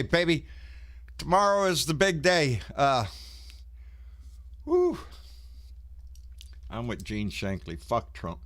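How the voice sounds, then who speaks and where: A man's voice: fairly high pitch, sharp tone. A man, out of breath, hosting a casual live stream and greeting viewers in a folksy, swearing way. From Texas.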